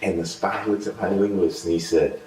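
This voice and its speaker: Deep-voiced man, echoey and distant. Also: fairly even intonation, darkish tone. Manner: measured, slows down when reflecting. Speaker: guest, former military interrogator. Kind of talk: conversational storytelling. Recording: echoey room, voice far from mic.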